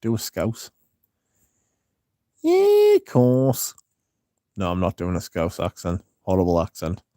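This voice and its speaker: A man's voice: sits low, steady tone, fairly quick, darkish tone, no room sound, studio quality. A man hosting a casual livestream, rambling, swearing freely and reading out chat, with a slightly sore throat. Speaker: livestream host.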